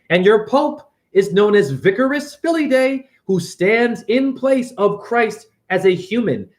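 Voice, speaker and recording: Middle-aged man, slightly high voice, self-styled teacher; rambling, cursing, preachy monologue. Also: big pitch swings. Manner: fast, profane, preachy, swinging loud and soft.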